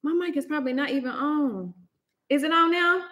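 A woman's voice: high-pitched, fairly quick, fairly bright tone. A young woman hosting a casual livestream, chatty and exclaiming, often laughing, talking into a laptop microphone. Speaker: livestream host.

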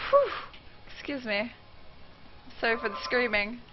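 A woman's voice: on the high side, fast talker, soft background music. A young woman streaming a game, reacting with swearing and panicked shrieks. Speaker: gaming streamer. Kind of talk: live game commentary. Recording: dull lo-fi stream mic with faint noise.

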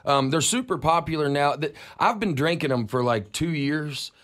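A man's voice: a little high, expressive, normal speed, fairly bright tone. Easygoing Southern man. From Alabama. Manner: easygoing, laughs often. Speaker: guest comedian. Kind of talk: casual chat.

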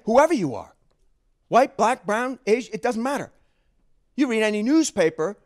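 Animated man telling stories at a book talk. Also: high-pitched. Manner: animated, emphatic, chuckles at his own stories. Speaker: author giving a book talk. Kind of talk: storytelling lecture.

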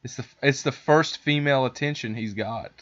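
A man's voice: mid-range voice, moderate pace, dull audio. Rambling, profane male podcast host. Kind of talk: casual storytelling chat.

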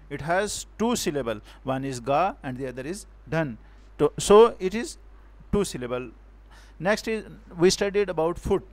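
A man from Pakistan teaching a poetry lesson in a fairly high voice. He speaks very slowly and haltingly, restarting words and sounding out each syllable and stress aloud. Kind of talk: recorded poetry lecture.

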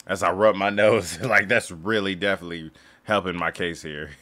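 A man's voice: low voice, unhurried. Sarcastic young man commenting on gameplay. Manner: sarcastic, jokey, yelling at the game. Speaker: gaming YouTuber.

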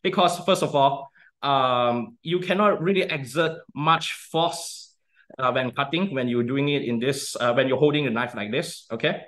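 A man's voice: mid-range voice, normal speed, a bit bright. A young man giving a casual cooking demonstration, chatty and often checking in with "okay?". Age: young adult.

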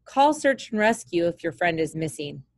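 A woman's voice: fairly low pitch, very animated, normal speed, no echo. Brief: a curt, grudging bush pilot, grown man, read by a woman, dry close sound, storybook. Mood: gruff.

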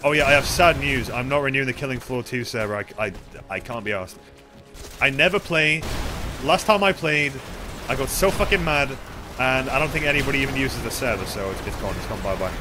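A man's voice: medium pitch, brisk, music in the background. A young man streaming a game, chatting and reacting with yelps and laughs. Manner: excitable, swings into loud yelps and laughs. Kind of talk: gaming stream commentary.

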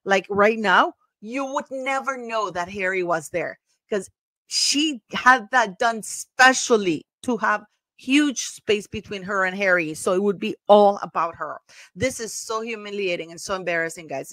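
A woman's voice: mid-range voice, moderate pace, a bit bright, no echo. A woman hosting a commentary channel, talking casually and emphatically over footage, gossipy and prone to repeating herself.

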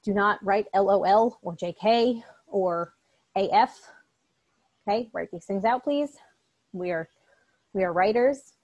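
A woman teaching a college English class in a recorded online lecture. She speaks at a middle pitch in a loose, chatty way and keeps checking in with her students. Her tone is direct but encouraging. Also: a little slow, long pauses, darkish tone, lo-fi sound. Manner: casual and chatty, often checks in with "okay?".

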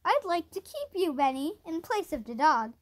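A woman's voice: very high voice, sing-song, normal speed. A woman reading a cheerful young lady. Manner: warm and laughing.

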